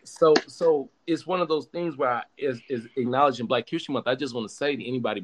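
A young man hosting a podcast in casual chat, talking in an animated, profane, emphatic way with many restarts. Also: medium pitch, quick pace, over a noisy crowd. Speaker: podcast host.

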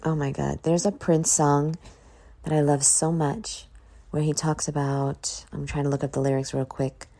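A woman hosting her own podcast, just woken up and yawning, talking in a slow, reflective drawl with casual swearing. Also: sits low, flat delivery, dark tone. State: sleepy, yawning. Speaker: podcast host. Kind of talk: casual solo podcast talk.

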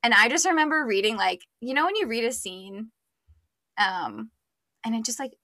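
A woman's voice: a little high, lively intonation, moderate pace, pushed and bright, no echo. A young woman co-hosting a podcast, chatting casually about a book, full of fillers. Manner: chatty, many fillers, acts out quotes. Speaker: podcast co-host.

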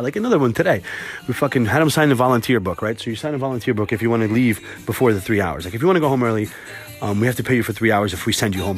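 A man hosting his own podcast, talking casually and swearing a lot as he tells animated workplace stories, then giving cooking tips more calmly and quietly. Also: mid-range voice. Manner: animated storytelling with lots of swearing. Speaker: podcast host. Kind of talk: casual monologue.

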